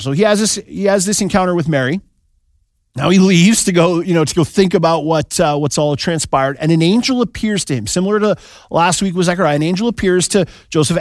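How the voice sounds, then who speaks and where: A man's voice: on the high side, no room sound, clean studio sound. Conversational man preaching. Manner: conversational, joking, asks "right?" often. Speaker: pastor. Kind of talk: sermon.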